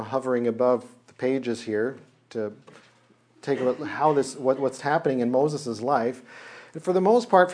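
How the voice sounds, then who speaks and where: A man preaching a casual sermon, conversational, acting out dialogue with humor. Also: a little high. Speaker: pastor.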